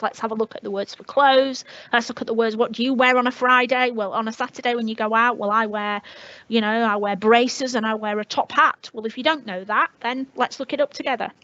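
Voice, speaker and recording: A woman teacher with a Leeds accent, in her fifties, talks in a chatty, rambling way with lots of restarts. Her voice sits fairly high. The audio is a bit dull and lo-fi. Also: a bit bright, no echo. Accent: northern English, Leeds. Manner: chatty, anecdotal, many restarts. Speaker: language teacher. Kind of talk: webinar talk.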